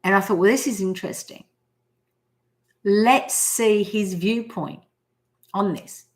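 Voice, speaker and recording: A woman's voice: medium pitch, takes it slowly. Australian woman, 40s, live-stream host, chatty storyteller. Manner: chatty storyteller who acts out quotes. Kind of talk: casual live-stream talk on manifesting.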